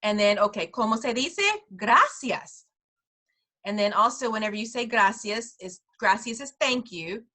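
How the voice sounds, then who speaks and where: Bright-voiced woman teaching Spanish phrases. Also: fairly high pitch. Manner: laughs often, repeats phrases slowly for learners. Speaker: preschool director teaching a parent Spanish class. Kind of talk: friendly language lesson.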